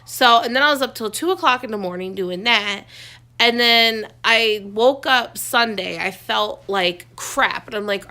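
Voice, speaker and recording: Chatty woman with a bright, gravelly voice. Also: fairly high pitch, a little slow. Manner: chatty, rambling, venting. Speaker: vlogger. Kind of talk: casual chat. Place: dim room at home.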